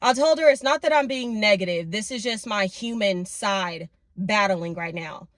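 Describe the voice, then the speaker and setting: A woman's voice: medium pitch, moderate pace, no echo. A young woman, talking candidly and heartfelt in a confessional vlog. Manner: heartfelt, tearful at times, repetitive and candid. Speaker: vlogger.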